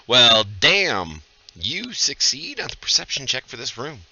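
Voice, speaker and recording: A man's voice: medium pitch, sing-song, measured pace, pushed and bright, slightly rough, lo-fi sound. A man acting as dungeon master in a live tabletop game, calling rolls and joking about the rules.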